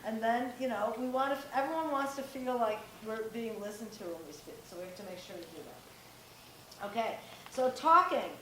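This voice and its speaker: A middle-aged woman with a fairly high voice talks to a room of parents and teens in a direct, conversational way, now and then acting out bits of dialogue. The room is echoey and a faint hiss sits under her voice. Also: normal speed, sharp tone, distant mic. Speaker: parenting workshop presenter. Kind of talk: live presentation to parents and teens.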